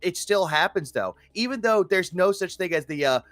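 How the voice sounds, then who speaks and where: A man's voice: sits high, lively intonation, moderate pace, fairly bright tone, no echo. A man in a casual online voice chat, criticizing someone in an exasperated tone. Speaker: voice chat participant. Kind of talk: casual discussion.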